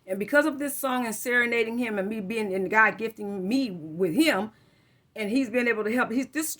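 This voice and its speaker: Female tarot reader, somewhat high and very bright tone, loose rambling delivery full of slang. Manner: rambling, informal, frequent self-corrections and slang. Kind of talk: casual spiritual reading to camera.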